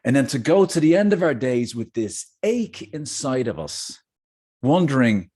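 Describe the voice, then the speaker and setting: Animated middle-aged man telling a story. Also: medium pitch, moderate pace, husky. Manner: animated, jokey asides, chatty. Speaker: host. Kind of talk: casual storytelling monologue.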